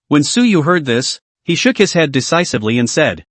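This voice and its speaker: A man narrating a translated comic story recap with a steady, read-aloud delivery. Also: on the high side, normal speed, hardly any pauses, no room sound.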